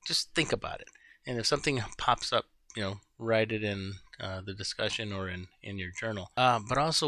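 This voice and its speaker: A man's voice: fairly low pitch, bright, forceful tone, no room sound. A middle-aged man, a life coach, giving a casual, rambling talk to his group and often searching for words.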